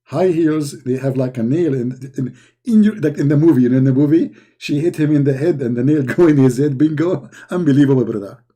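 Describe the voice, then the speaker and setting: Man, mellow voice, sarcastic, mocking, chat host, slightly raised pitch. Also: brisk. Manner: sarcastic, mocking, broken English grammar. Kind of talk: casual live-chat monologue.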